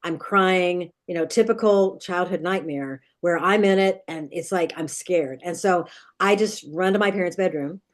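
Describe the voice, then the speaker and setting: A woman's voice: on the low side, normal speed. A middle-aged woman, a dream expert guest, earnestly retelling a childhood nightmare in vivid detail, with many restarts. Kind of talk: storytelling in an interview.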